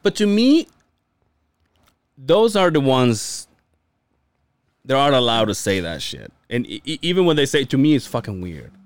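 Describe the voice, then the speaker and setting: A man chatting on a podcast, swinging his pitch widely as he acts out everyone in his stories. He curses casually and keeps things loose. The sound is close and dry, with no room echo. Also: moderate pace, long pauses. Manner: animated storyteller acting out quoted dialogue, swears freely. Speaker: podcast co-host.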